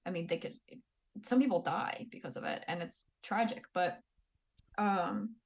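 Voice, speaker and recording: A woman in her twenties, an Army veteran guesting on a podcast, tells stories candidly, bluntly and profanely while acting out people she quotes. Her voice is on the low side and sing-song, with vocal fry, at a measured pace.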